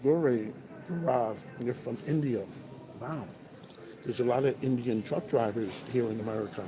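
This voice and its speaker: A man's voice: medium pitch, moderate pace, crowd noise. A man, a truck driver, chatting casually on a livestream, reading viewers' comments aloud over breakfast. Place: truck stop restaurant. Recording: noisy restaurant ambience.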